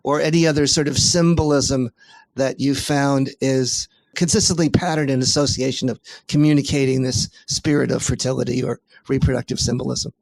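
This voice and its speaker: A man's voice: mid-range voice, steady tone, normal speed, vocal fry, darkish tone, no echo. Enthusiastic man hosting a podcast. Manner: enthusiastic, long rambling questions. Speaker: podcast host. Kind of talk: podcast interview.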